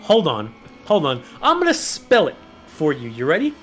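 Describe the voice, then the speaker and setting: Animated teasing male commentator, music behind. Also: a little high, moderate pace. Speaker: race commentator. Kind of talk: casual live-stream banter.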